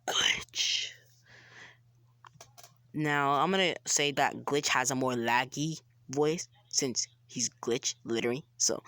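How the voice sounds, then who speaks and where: A young fan storyteller rambles through a homemade crossover tale with plenty of fillers and restarts, now and then dropping into a whisper. The voice sits at a middling pitch and is recorded close and dry. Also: a bit bright, no room sound. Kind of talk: casual amateur story narration.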